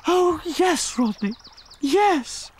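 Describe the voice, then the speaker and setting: A man voicing a melodramatic leading lady in a costume drama, breathy and gushing. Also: very high voice, lively intonation, extremely slow, a little mellow, pitched above the performer's own voice, heavily acted. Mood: swooning.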